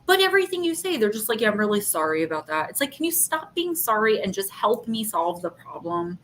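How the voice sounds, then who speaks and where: A woman hosting a live chat vents about a frustrating customer service mess. She tells it in a fed-up, animated way and plays out both sides of the calls. A faint low rumble sits under her voice. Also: brisk. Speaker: livestream host. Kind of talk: casual live chat, telling a story.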